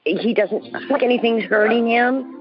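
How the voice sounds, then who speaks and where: A woman's voice: fairly high pitch, moderate pace, muffled recording. A woman calling in to a show, friendly and laughing easily as she talks. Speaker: caller. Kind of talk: phone call-in.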